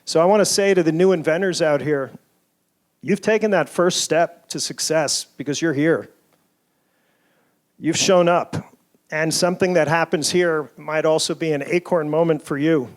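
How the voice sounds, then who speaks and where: High-voiced man giving a keynote. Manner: earnest storytelling, measured. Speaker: keynote speaker, toy inventor. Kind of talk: keynote speech. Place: conference hall.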